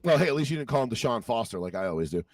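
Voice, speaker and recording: A man's voice: medium pitch, very animated, racing, dry recording, recorded from a distance. A man hosting a podcast, telling stories casually and profanely, acting out quotes in raised voices. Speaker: podcast host. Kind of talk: casual storytelling chat.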